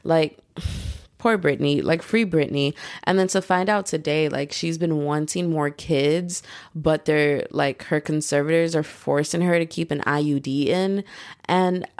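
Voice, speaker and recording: A young woman from the United States rambles through a casual podcast monologue, dropping slang and filler "like" everywhere. Her voice sits low with a gravelly fry. The sound is dry and close. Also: unhurried, darkish tone, dry recording. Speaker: podcast host.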